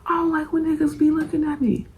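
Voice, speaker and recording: A woman voicing a hot-tempered teenage boy bully in a hushed, whispery delivery. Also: high-pitched, level tone, fast talker, a little hiss or hum, pitched above the performer's own voice. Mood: annoyed.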